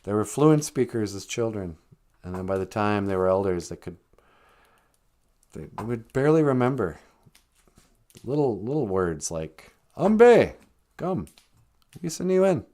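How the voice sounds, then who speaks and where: An older man hosts a relaxed live stream, spinning casual stories with frequent laughter. His voice swoops up and down with animated intonation, and he keeps things chatty and loose. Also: on the low side, moderate pace, long pauses. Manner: chatty, laughs often, lively storytelling. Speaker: host.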